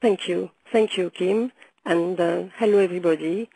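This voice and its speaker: A woman speaking hoarsely from a sore throat, giving a measured webinar presentation with frequent hesitant pauses. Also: on the low side, dark tone, dry recording, poor audio. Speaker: presenter, founder of a video project. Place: London.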